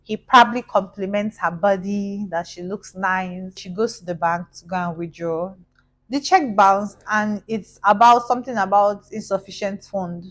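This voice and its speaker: A young Nigerian-accented woman recounts a tale for her vlog. She sits at a mid pitch. She talks in a lively, gossipy way and slips into other people's voices. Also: moderate pace, rough recording. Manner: animated, gossipy, acts out voices. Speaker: vlogger. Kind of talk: casual storytelling.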